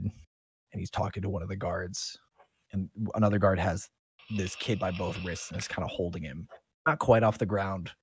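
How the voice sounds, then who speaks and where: A man running a tabletop game as game master, narrating in a relaxed, rambling way with many fillers. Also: deep voice, breathy edge, no room sound.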